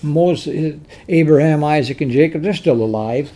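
A preacher gives an emphatic, animated sermon, repeating key words and restarting phrases as the story builds. His voice is mid-range, with a measured pace and few pauses.

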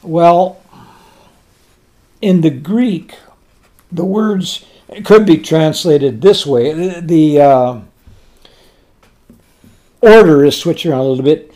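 In his sermon, a man with a fairly high voice asks rhetorical questions and supplies the answers himself. He eases into a slower, softer voice for tender words.

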